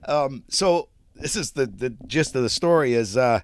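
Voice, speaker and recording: Man, podcast co-host, casual profane storytelling, dry close sound, middle pitch. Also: lively intonation, moderate pace, no echo. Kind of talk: casual chat.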